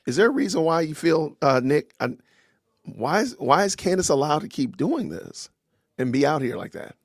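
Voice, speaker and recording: Chatty guy hosting a podcast stream, gravelly voice, dry close sound. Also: on the high side, very animated, normal speed, no room sound. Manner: upbeat, chatty, shout-outs to viewers. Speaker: podcast host. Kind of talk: casual livestream interview.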